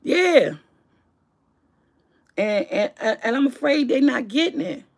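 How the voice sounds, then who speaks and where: A woman's voice: high-pitched, expressive, slow, gravelly. A woman talking earnestly and emotionally to camera from home, often repeating herself as she makes her point. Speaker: vlogger. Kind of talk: casual heartfelt talk to camera. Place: at home on a couch.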